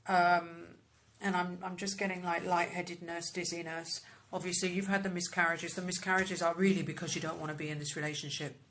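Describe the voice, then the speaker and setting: Woman, psychic reader, live stream, soft murmuring, hesitant ums, phone mic. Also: lowish voice, flat delivery, fairly quick, hardly any pauses.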